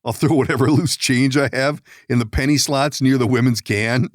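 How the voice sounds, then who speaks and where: A man's voice: medium pitch, steady tone, normal speed, no echo. Male podcast host, rambling anecdotes, frequent laughs, dry close sound. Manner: rambling storyteller, laughs often, swears. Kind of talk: casual chat.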